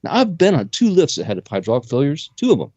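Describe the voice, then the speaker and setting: Man on a lo-fi talk radio line. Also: quick pace. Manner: animated, jumps pitch when making a point. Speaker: co-host. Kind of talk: casual conspiracy talk radio chat.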